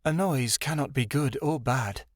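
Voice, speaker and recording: A man voicing an aloof, detached female wolf who speaks flatly. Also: medium pitch, measured pace, no echo, clean studio sound, natural voice. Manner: flat, matter-of-fact.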